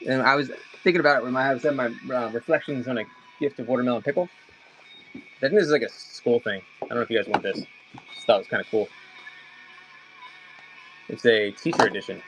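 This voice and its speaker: A man's voice: mid-range voice, a bit bright, rough recording. A man chatting casually with viewers during a live auction stream, rambling and addressing them by name.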